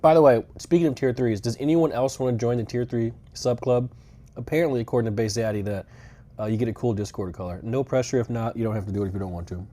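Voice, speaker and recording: A young man with a mid-range, warm voice talks fast as he live-streams from inside a rental car on a road trip. He chats casually, rambling and swearing, and throws in dry, sarcastic asides.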